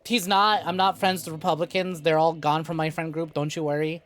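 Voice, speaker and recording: A woman's voice: low voice, flat delivery, a little fast. A woman streaming a co-op game, telling rambling, profane stories to her chat in casual talk. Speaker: VTuber streamer.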